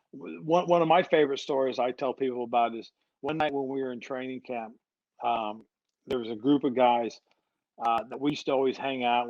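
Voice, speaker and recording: A man's voice: medium pitch, no room sound, highs cut off. A middle-aged man, a football head coach guesting on a podcast, telling stories in a chatty way and often repeating his opening words. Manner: repeats words when starting sentences, animated when telling stories. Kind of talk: conversational storytelling.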